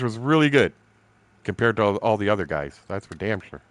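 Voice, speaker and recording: A man's voice: lowish voice, very animated, fairly quick, dry recording. Blunt, foul-mouthed man in his sixties. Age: 60s. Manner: blunt, heavily profane; laughs between remarks. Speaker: game streamer. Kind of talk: casual rambling storytelling.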